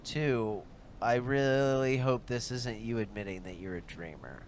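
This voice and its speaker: A man's voice: medium pitch, measured pace, a little hiss or hum, lightly acted. A man doing a blunt, sweary tribal companion. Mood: exasperated.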